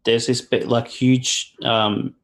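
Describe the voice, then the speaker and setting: A man with an Australian accent in a casual online chat, swearing often and pausing with fillers. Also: medium pitch, little pitch movement, rough recording. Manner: swears a lot, halting with fillers. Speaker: guest.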